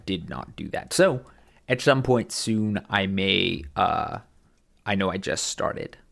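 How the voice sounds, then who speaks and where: A man chatting casually on a livestream from home, halting with many fillers and a dry, formal humor. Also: sits low, gravelly, a bit bright. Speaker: streamer. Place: home room.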